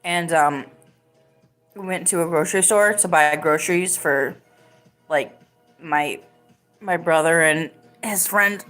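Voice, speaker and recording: A woman's voice: fairly low pitch, slow, long pauses, a bit bright, soft background music. A woman hosting a live podcast, chatting casually and rambling with lots of "like"s. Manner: rambling, filler-heavy talk with many "like"s. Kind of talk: casual live-stream chat.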